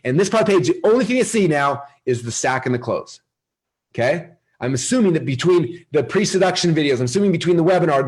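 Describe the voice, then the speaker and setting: A man presenting a live marketing webinar, energetic and salesy, often asking his audience questions. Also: medium pitch, husky.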